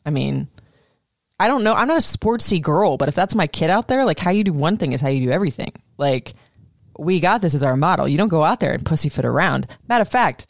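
A woman in her thirties, co-hosting a casual chat, animated and swearing freely. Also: sits low, dry recording, clean studio sound. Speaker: podcast co-host.

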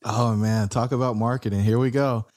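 A man hosting a casual interview, drawing his guest out with playful, teasing remarks. His voice has an ordinary pitch for a man. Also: fairly even intonation, moderate pace, a little mellow.

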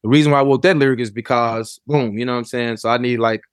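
Fast-talking man. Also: mid-range voice, fairly even intonation, clean tone, no echo, studio quality. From Memphis, Tennessee, USA. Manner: laid-back storytelling, frequent "you know what I'm saying". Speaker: rapper and producer, interview guest. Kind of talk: casual interview conversation.

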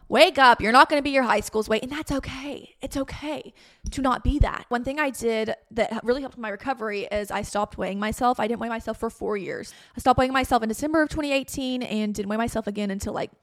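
A young woman in her twenties hosting her own podcast, talking in a chatty, candid way with bursts of loud playful emphasis. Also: fairly high pitch. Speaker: podcast host. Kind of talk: casual solo podcast talk.

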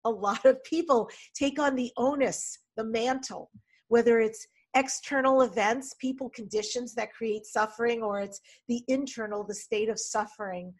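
A woman's voice: fairly high pitch, fairly even intonation, normal speed. Upbeat woman hosting an interview. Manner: upbeat, laughs easily. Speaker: podcast host.

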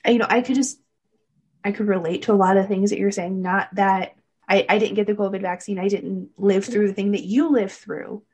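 A woman's voice: medium pitch, fairly even intonation, moderate pace, darkish tone, breathy edge. A woman hosting a podcast, talking in a blunt, supportive way and swearing freely. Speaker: podcast host. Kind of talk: casual interview chat.

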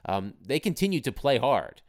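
A young adult man co-hosting a sports podcast in casual chat, animated, with bursts of a mocking high put-on voice. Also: normal speed, no room sound, clean studio sound. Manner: animated, mocks fans in a high whiny put-on voice.

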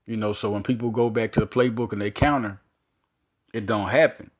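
A man hosting a solo sports podcast, talking in a rambling, animated way with many restarts and fillers. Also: fairly low pitch, a little fast.

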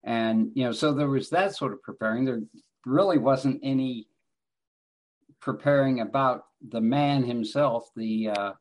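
Actor guy being interviewed, talks slow, dry and self-mocking. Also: medium pitch. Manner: slow, wry, self-deprecating. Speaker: actor, guest. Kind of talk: casual interview.

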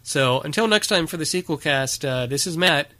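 Man, podcast host, casual chat, bright edgy tone, lots of ums and uhs. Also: on the high side, animated, moderate pace. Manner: rambling, filler-heavy, laughs easily.

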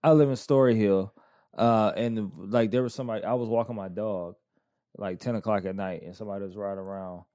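A man hosting a casual podcast chat, rambling and halting with many fillers. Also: on the low side, steady tone, warm tone, dry recording, clean studio sound. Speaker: podcast host.

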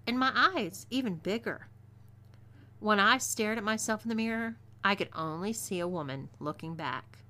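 Bright-voiced Texan woman reading a story. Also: mid-range voice. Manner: twangy, expressive reading. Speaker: story narrator.

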